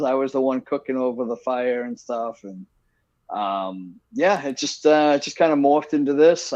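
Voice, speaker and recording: A man's voice: mid-range voice, darkish tone, muffled recording. A man with a Massachusetts accent, an easygoing guest chatting on a podcast. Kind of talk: casual chat.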